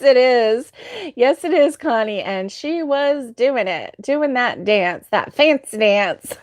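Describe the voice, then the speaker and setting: Slow, giggly woman chatting with viewers. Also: medium pitch, a little mellow, no room sound, studio quality. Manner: giggly, chatty storytelling, laughs often. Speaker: crochet livestream host. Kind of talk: casual chat with viewers.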